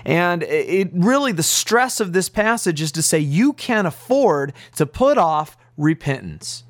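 A man's voice: high-pitched, sing-song, measured pace, no echo, studio quality. A man teaching as pastor on a radio Bible program, preaching earnestly and urgently with emphatic repetition.

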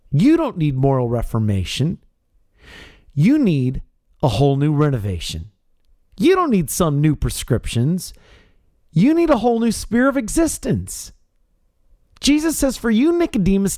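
A man preaching a radio sermon with a slightly high voice that swings widely in pitch. He speaks as a pastor, emphatic and pressing each point. The sound is dry and close, with no room around it. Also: darkish tone, dry recording. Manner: emphatic, rising to stressed peaks.

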